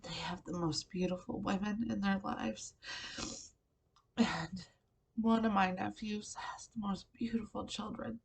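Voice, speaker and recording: A woman's voice: mid-range voice, steady tone, unhurried, creaky, slightly rough, far from the mic. A woman crying as she hosts her personal faith vlog, emotional and at times dropping to a whisper. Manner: tearful, emotional, with soft whispered moments. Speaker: vlogger. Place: bedroom at home.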